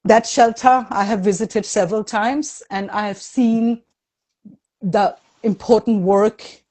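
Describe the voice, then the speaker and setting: A woman interviewing a guest and asking gentle, probing questions. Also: medium pitch, steady tone, slow pace.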